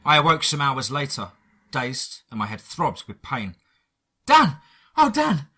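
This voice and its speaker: A man with an English accent narrating a first-person horror story dramatically, with pauses and shifting loudness. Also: medium pitch, slightly rough.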